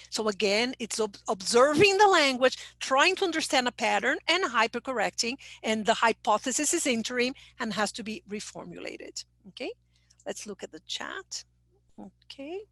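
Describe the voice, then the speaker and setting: A woman whose first language is Portuguese, speaking English with a Brazilian accent, gives an encouraging online presentation to teachers and keeps checking in with a quick "okay?". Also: fairly high pitch, fairly bright tone, dry recording.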